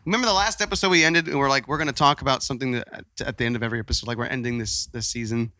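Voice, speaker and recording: Teasing podcast co-host, bright clear voice. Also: male voice, medium pitch, racing, dry recording. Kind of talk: casual chat. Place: theatre green room. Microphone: handheld mic.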